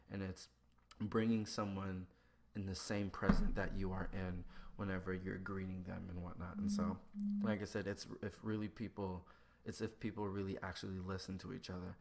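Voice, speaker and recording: A man in casual conversation who acts out both sides of everyday exchanges with lively shifts in his voice. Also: deep voice. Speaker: podcast guest. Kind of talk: casual chat.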